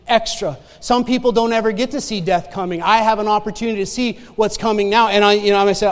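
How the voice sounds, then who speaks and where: A pastor with a high-pitched male voice preaches a sermon in a church sanctuary, recounting a story from his own life at a brisk pace with fairly even intonation. He speaks emphatically, hammering home key phrases by repeating them and asking the congregation "Amen?" The long reverb of the church hall rings around his voice.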